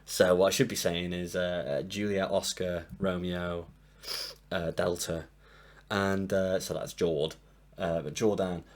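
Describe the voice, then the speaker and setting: A low-voiced man, in his late twenties, talks through a music ranking from his desk mic. He rambles and sounds sleep-deprived, and he is quick to put himself down and apologise. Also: level tone. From England. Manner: rambling, self-deprecating, apologetic. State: tired from lack of sleep. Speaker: music reviewer. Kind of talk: casual album ranking monologue. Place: home room at a desk. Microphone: desk mic propped up, sometimes knocked.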